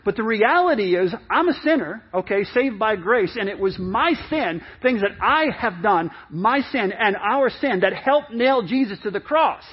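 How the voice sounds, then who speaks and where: A man's voice: sits high, animated, moderate pace, hardly any pauses, slightly rough, dull audio. A middle-aged man preaching a sermon in a conversational way, with many repeats and restarts, acting out people's excuses. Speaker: pastor.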